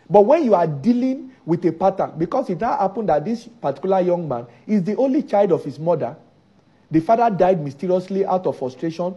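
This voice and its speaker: Emphatic preacher man, husky and muffled. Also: high voice, animated, brisk, dark tone. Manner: emphatic, repeats key phrases. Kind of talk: sermon.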